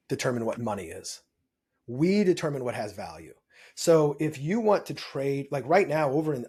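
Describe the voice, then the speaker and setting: A man speaking as a podcast guest, explaining things with energy and emphasis. His voice is husky and a little breathy, pitched in an ordinary middle range. He keeps pulling the listener along with quick "right?" check-ins. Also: darkish tone. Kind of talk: explanatory interview talk.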